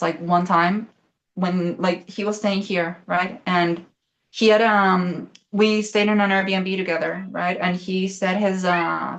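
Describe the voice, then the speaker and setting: A woman's voice: on the low side, dull audio. Rambling young woman telling a story. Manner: fast, rambling, many fillers, swearing. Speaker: guest. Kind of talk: casual conversation, storytelling.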